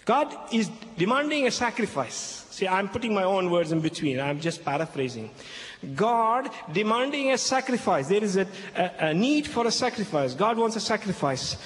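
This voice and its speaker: A man's voice: high voice, very animated, moderate pace. A man speaking as a Christian speaker to an audience. He retells a Bible story in broken English, repeating key phrases and often checking in with "okay?". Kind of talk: expository talk retelling a Bible passage. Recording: echoey hall with faint background noise.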